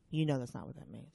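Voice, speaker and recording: A woman guest on a podcast, telling stories in a casual, animated way and acting out other people's voices. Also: a bass voice, vocal fry, no echo, studio quality. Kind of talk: casual storytelling chat.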